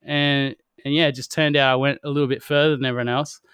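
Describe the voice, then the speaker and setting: A young Australian man, a professional wingsuit pilot, telling stories in a relaxed, slangy way and laughing often. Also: mid-range voice, fast talker, clear, resonant tone, no echo, clean studio sound. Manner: laid-back storytelling, slangy, laughs often. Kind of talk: casual chat.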